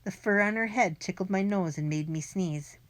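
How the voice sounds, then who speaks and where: A woman narrating a children's adventure book in the first person, briskly and plainly. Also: mid-range voice. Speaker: audiobook narrator.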